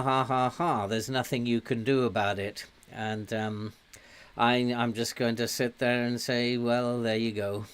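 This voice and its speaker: A man's voice: medium pitch, clean tone. A man doing casual let's-play commentary, grumbling and mocking himself, and scolding the players on screen. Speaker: gaming commentator.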